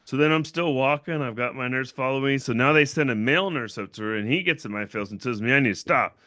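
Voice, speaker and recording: A man hosting a casual livestream, telling a story in a blunt, profane, animated way and acting out other people's voices. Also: mid-range voice, fast talker, no echo, studio quality. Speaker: channel owner and host.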